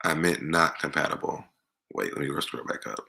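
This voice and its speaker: A man's voice: a bass voice, fairly quick, vocal fry, pushed and bright. A young man hosting a livestream, reading viewer comments aloud and answering them in a chatty, laughing way. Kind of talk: casual chat.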